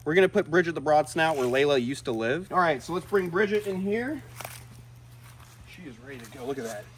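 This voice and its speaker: A man keeper hosting a casual vlog outdoors among animal enclosures, excitable and shouting at the animals now and then. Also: fairly high pitch, brisk, slight background noise. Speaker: reptile keeper and host.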